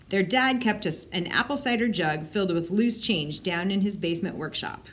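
A woman librarian reading a children's book aloud with expressive storytelling. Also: on the low side, slight background noise.

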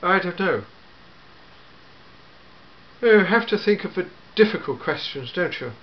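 A man voicing an elderly, fussy, grandfatherly time-travelling gentleman in a fan audio drama, full of hmms and eh?s. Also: high-pitched, animated, measured pace, dull audio. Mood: fussy, chatty. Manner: fussy, hesitant, peppered with hmms and eh?s.

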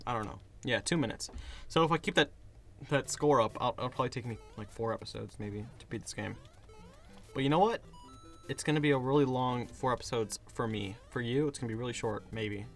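A hoarse young man giving casual commentary while playing a game, getting frustrated and yelling at it. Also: medium pitch, fairly quick, faint music behind. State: hoarse, voice worn out. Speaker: gaming video creator.

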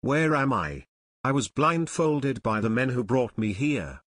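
A man's voice: mid-range voice, animated, unhurried, fairly bright tone, no echo, clean studio sound. A man voicing a shaky, frightened shopkeeper. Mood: shaken. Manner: shaky, broken, pleading. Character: frightened, shaky male costume dealer. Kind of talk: audiobook character reading.

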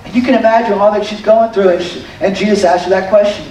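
A male pastor preaching a sermon in an animated, conversational storytelling manner, with added emphasis on key points. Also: high-pitched, fast, hardly any pauses, a little hiss or hum. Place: church sanctuary. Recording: very echoey hall, distant mic.

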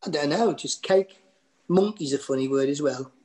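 A man's voice: on the high side, mellow. Geordie man telling rambling stories. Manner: rambling, restarts and fillers, quick to laugh at himself. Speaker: guest comedian. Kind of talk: anecdotal podcast chat.

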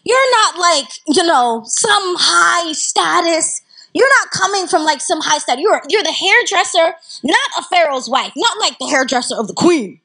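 A woman with a Southern American accent giving a storytelling talk to a live audience, animated and conversational, drawing the listeners in. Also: very high-pitched, normal speed, vocal fry, poor audio. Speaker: Islamic lecturer. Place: community center talk.

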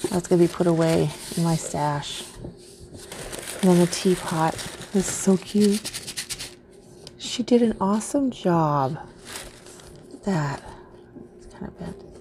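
A woman's voice: lowish voice, measured pace, long pauses, slight background noise. A woman vlogger unboxing craft mail in casual chat, gushing and easily delighted.

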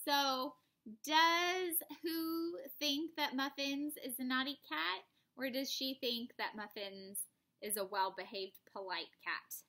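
A woman teacher reading a picture book aloud to children, pausing for gentle, musing asides. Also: high-pitched. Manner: unhurried, musing asides to young listeners. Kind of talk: children's storybook read-aloud.

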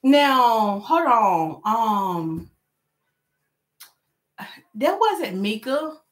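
A woman's voice: a little high, drawn-out words. A woman hair stylist chatting casually on a live stream while she works, reading viewer comments and joking with them. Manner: chatty, animated, reads comments aloud.

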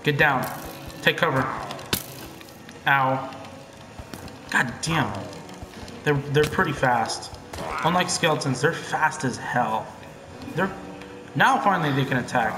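A young man giving casual gameplay commentary, excitable and profane, swinging between hushed muttering and loud yelling. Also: fairly high pitch, takes it slowly, long pauses, echoey room. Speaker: gamer.

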